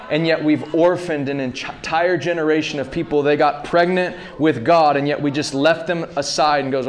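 A man in his thirties delivers a sermon in a fairly high voice. He talks casually to the crowd, calls out to them to check they're following, and rises into loud, fervent passages. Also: steady tone, moderate pace, few pauses. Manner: rising to loud impassioned peaks, calls to the audience. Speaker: preacher.

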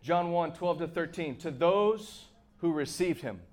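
Impassioned high-voiced male preacher. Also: lively intonation, unhurried. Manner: impassioned, shifts between shouting and hushed asides. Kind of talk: sermon.

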